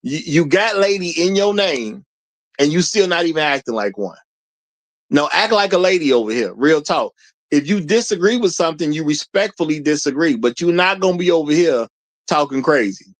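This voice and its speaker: A livestream host with a slightly high, expressive voice speaks at a moderate pace. In casual commentary he talks bluntly and preachily straight to his chat, lecturing them.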